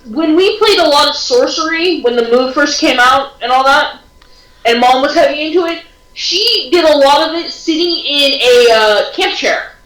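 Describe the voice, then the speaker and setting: A woman with a high voice who talks bluntly and swears casually. She is recorded from well away from the mic in an echoey room. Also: moderate pace, a bit bright, recorded from a distance. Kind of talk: casual podcast chat.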